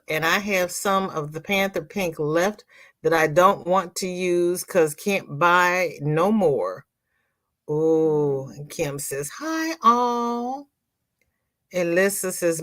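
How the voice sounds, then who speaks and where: A woman hosts a casual live stream, chatting with viewers and reading their comments aloud with playful asides. She talks at an unhurried, slow pace. Her voice is bright and clear. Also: fairly low pitch. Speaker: crochet live stream host. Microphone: computer mic on a live stream.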